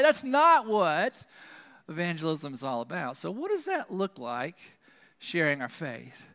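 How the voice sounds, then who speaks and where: A man preaching a sermon in a conversational, animated way, often asking the congregation questions. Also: sits high, long reverb tail. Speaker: pastor.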